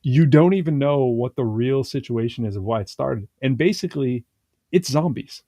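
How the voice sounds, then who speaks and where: Rambling, mellow-voiced man chatting on a podcast. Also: medium pitch, moderate pace, creaky, dry recording. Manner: rambling, animated retelling with many fillers and restarts. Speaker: podcast co-host. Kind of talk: casual conversational chat.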